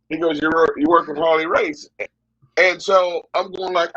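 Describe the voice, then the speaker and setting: A middle-aged man, a wrestling guest, telling long animated stories in an interview and often repeating himself. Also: a little high, measured pace, slightly rough, no echo, muffled recording. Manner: animated, repetitive storyteller. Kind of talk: storytelling interview.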